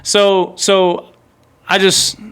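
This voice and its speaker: Male podcast host, high and clean-toned, excitable casual storyteller. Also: extremely slow, smooth, soft background music. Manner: excitable, rambling, heavy use of "like" and "bro".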